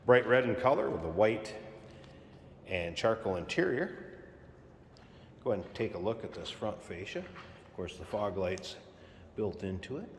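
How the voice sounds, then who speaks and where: Car salesman, male, low voice, easygoing walkaround pitch, long reverb from a big room. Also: moderate pace, pauses often, slight background noise. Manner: relaxed, plainspoken, repeats key points.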